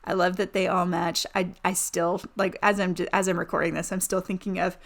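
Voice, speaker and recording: A woman's voice: on the low side, level tone, brisk, creaky. A woman giving casual, chatty voice-over commentary on a game build, gushing and rambling with many fillers. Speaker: Sims building YouTuber.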